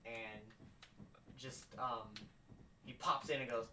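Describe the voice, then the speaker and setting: A man's voice: mid-range voice, steady tone, slow, sharp tone. Game master, man, rambling narration, far from the mic, faint hiss. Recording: roomy, distant home mic with faint noise.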